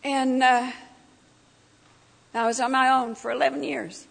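A woman's voice: sits high, level tone, measured pace, vocal fry. A middle-aged woman giving her personal testimony at a church breakfast, telling the story vividly and acting out what people said. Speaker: guest speaker sharing her testimony. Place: church meeting hall. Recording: long hall reverb.

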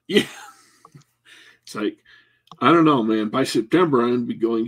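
A podcast co-host with a mid-range voice speaks at a normal speed, leaving long pauses. Signing off the show, he rambles and jokes at his own expense.

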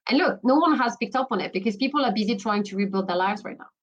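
Appearing as a guest commentator on a podcast interview, this woman talks fast and animatedly in a voice on the high side, and the recording is muffled. She's emphatic, restarting often and leaning on "you know."

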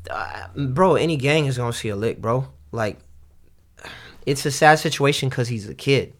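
A man's voice: medium pitch, moderate pace. A man co-hosting a podcast, talking casually in a loose, slangy and profane way, rambling with restarts. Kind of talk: casual chat.

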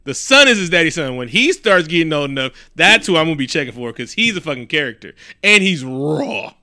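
Profane, animated storytelling man. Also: a little high, quick pace, no echo, studio quality. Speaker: podcast co-host. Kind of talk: casual chat.

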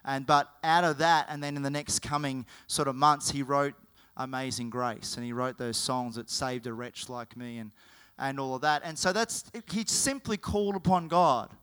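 A man preaching a sermon, telling the story in an animated way and often correcting himself mid-sentence. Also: mid-range voice, moderate pace, clean tone. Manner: animated, with frequent self-corrections.

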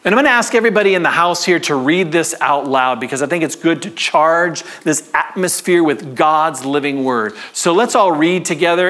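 A man preaching a sermon to his congregation in a church, conversational and animated, with call-and-response. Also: on the high side. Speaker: pastor.

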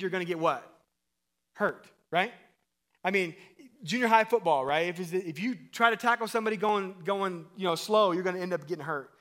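High-voiced preacher, loud to hushed. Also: male voice. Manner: preaches with sweeping swings between loud emphatic calls and quiet low stretches; acts out quoted voices and asks the crowd questions. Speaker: pastor. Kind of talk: sermon.

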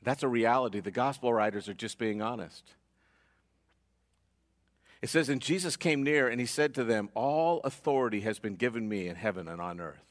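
A man preaching a sermon as pastor, earnest, his voice rising and dropping as he presses each point. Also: normal speed. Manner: earnest preaching, rises and falls in pitch and loudness. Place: church sanctuary. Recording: long reverb of a church hall.

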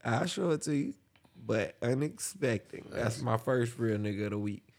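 A man with an American accent co-hosts a podcast, talking in a relaxed, slangy way. He recounts stories at an easy pace and sometimes stretches his words out slowly. His pitch stays at an everyday middle level. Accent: American English. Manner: relaxed slangy storytelling, drawls slowly at times. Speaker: podcast co-host. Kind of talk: casual chat.

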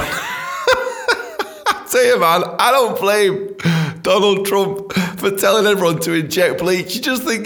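A man's voice: high voice, slow pace. A man hosting a podcast, delivering a profane, mocking comedic rant. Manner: profane, ranting; animated, mocking. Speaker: podcast host. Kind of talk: comedic monologue.

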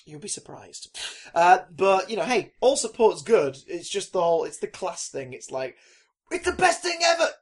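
A man's voice: sits high, expressive, moderate pace, darkish tone. A young British man co-hosting a podcast in casual, joking chat, often breaking into silly put-on voices. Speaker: podcast co-host.

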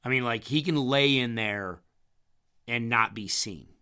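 A man telling a rambling story in a casual chat, his voice strained after hurting his vocal cords, clearing his throat often. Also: medium pitch, a little slow, sharp tone.

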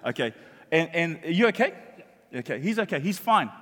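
A man preaching a sermon in a church hall, animated and jokey, often repeating his words. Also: a little high, fairly quick, background noise. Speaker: pastor. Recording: long hall reverb.

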